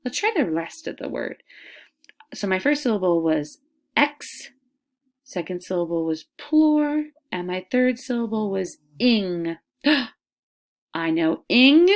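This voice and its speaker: A woman teaching a lesson to young children, stretching words out slowly and sounding them out in an encouraging classroom voice. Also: medium pitch, expressive. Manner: slow, drawn-out syllables, modeling sounds out loud.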